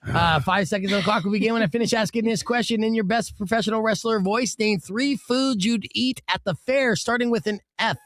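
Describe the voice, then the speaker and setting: A man's voice: sits high, brisk, few pauses, fairly bright tone, no room sound. A man hosting a casual comedy podcast, running a quiz game as a playful, upbeat quizmaster who laughs often.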